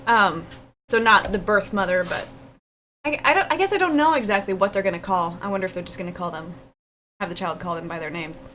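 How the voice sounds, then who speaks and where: A woman's voice: mid-range voice, brisk, fairly bright tone, slight background noise, rough recording. A young woman co-hosting a stream, chatting casually and teasing with giggly banter. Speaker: streamer co-host. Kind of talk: casual chat.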